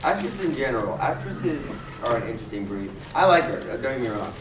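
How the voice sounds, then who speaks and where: A man, an actor on a convention panel, telling casual stories in an expressive, swinging delivery. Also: brisk. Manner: expressive, swings from low mumble to loud laughing bursts. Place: convention hall. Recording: echoey hall, distant mic, loud background noise.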